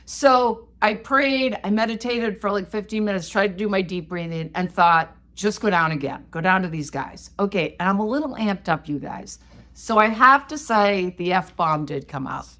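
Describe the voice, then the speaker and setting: A woman co-hosting a podcast, telling a story in a casual, animated, self-mocking way. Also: mid-range voice, normal speed. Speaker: podcast co-host.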